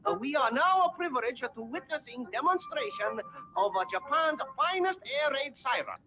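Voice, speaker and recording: A man voicing a mock-polite announcer in an old propaganda cartoon, speaking in halting, broken English. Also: very high-pitched, animated. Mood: announcing. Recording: dull old cartoon soundtrack with music.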